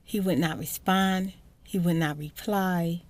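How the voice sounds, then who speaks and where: A woman's voice: on the low side, steady tone, a little slow. A woman hosting a casual ASMR storytime, chatty and emphatic, sometimes sinking to a whisper. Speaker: ASMR channel host.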